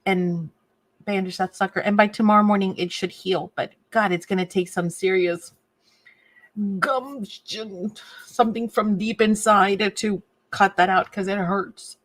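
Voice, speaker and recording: A woman talks casually through a crafting livestream, her pitch sitting in the middle of the range. She chats with viewers as she works, fussing now and then over a sore nail. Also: fairly even intonation, unhurried. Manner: chatty, reads viewer comments, fusses over a sore torn nail. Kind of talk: casual live chat while crafting.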